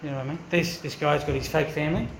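A man's voice: a little high, steady tone, rapid-fire, vocal fry, reverberant, slight background noise. A man preaching a sermon as pastor, earnest and emphatic, often asking the congregation questions. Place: church.

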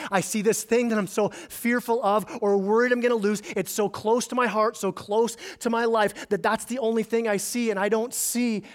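High-voiced man preaching a sermon. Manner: conversational, repeats words when emphasizing. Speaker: pastor.

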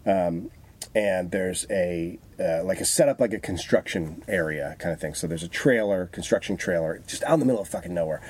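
A man in casual chat, telling profane, animated stories about his past work. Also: deep voice, a little fast, husky. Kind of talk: casual storytelling.

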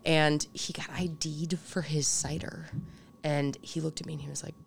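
A woman co-hosts a relaxed podcast chat, teasing her companions playfully. Her voice sits very low and carries a gravelly, creaky texture. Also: a little slow, a little hiss or hum. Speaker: co-host.

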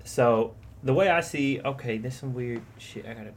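A man's voice: medium pitch, moderate pace. A young man co-hosting a casual chat, rambling and profane, acting out quoted lines as he tells stories. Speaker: podcast co-host.

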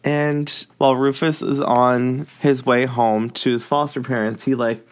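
A man's voice: medium pitch, flat delivery, unhurried. A man talking casually about a book he is reading, rambling with lots of fillers and short laughs. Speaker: book reviewer.

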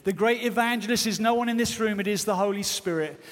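A man's voice: high-pitched, fast talker, hardly any pauses. A man preaching a sermon with fervent, earnest exhortation. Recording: long hall reverb.

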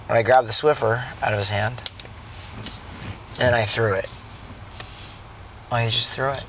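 A man in his thirties speaks from the driver's seat, his mid-pitched voice carrying a rough, creaky edge. He rambles earnestly about being a dad, stumbling over restarts and slipping into a preachy tone. A faint car hum sits underneath. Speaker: father sharing a parenting reflection. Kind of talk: casual vlog monologue turning preachy.

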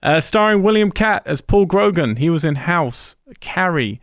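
Brief: gravelly London-accented male co-host who rattles off film credits casually. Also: high-pitched, animated, normal speed, a bit bright, dry recording. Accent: British, London. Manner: rambling, reeling off film credits with dry laughs. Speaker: podcast co-host. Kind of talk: casual chat.

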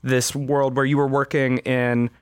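A man hosting a podcast interview, asking relaxed, thoughtful questions with frequent fillers. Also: mid-range voice, a little slow, clean tone, no echo, clean studio sound. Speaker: podcast host. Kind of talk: conversational interview.

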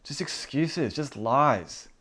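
A man in a casual faith talk, retelling a movie scene and acting out its dialogue, rising to loud emphatic bursts. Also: mid-range voice, lively intonation, slow, breathy edge.

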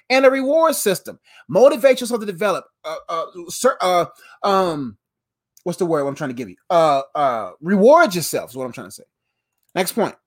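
A man in his thirties delivers a motivational talk in a fairly high voice. He drives each point home through repetition with a preacher-like cadence. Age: 30s. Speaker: motivational speaker.

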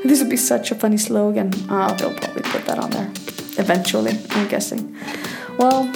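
With music playing behind her, a woman with a medium-pitched, creaky voice talks at a moderate pace. She's an Icelandic sexologist in a casual storytelling monologue, full of laughs and fillers, recorded on a phone headset from her bathtub.

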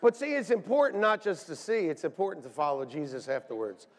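A middle-aged man, a pastor, preaching a lively, joking sermon to his church. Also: on the high side, fairly quick. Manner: animated, joking, shouts and laughs between points. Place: church sanctuary. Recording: long hall reverb.

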